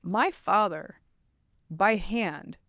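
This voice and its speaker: A woman's voice: medium pitch, extremely slow, fairly bright tone, dry recording, studio quality. A woman hosting a casual podcast, with a wry, teasing way of talking. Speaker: podcast host. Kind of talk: casual chat.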